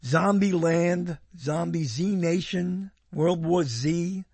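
A man's voice: fairly high pitch, slow, vocal fry, darkish tone, slightly rough, dry recording. A man rambling in casual commentary, sarcastic and wandering, often breaking off his own sentences. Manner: sarcastic, wandering, self-interrupting. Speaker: video host reviewing TV listings.

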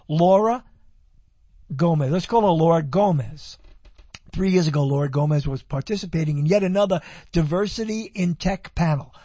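A man's voice: sits high, darkish tone, breathy edge, no room sound. A man hosting a radio talk show, chatting and reading items aloud in a rambling way, correcting himself as he goes. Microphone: handheld microphone.

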